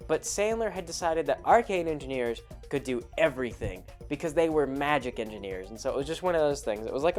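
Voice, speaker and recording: A man hosts a podcast and recounts an old tabletop game in a loose, anecdotal way. His voice sits at a middle pitch, and he keeps cutting himself off and laughing. Faint music plays underneath. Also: expressive, brisk, few pauses, darkish tone. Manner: rambling, self-interrupting, laughs often. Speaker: podcast host. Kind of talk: casual anecdotal storytelling.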